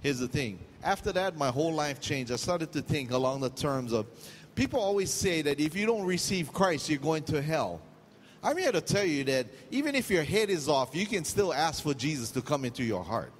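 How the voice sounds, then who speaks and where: A middle-aged Hawaiian-accented pastor preaches, mixing jokes and pidgin asides into a story-driven sermon. His voice sits a bit high for a man. The sound carries a long reverb and faint ambience from the hall. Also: sing-song, moderate pace, a little hiss or hum.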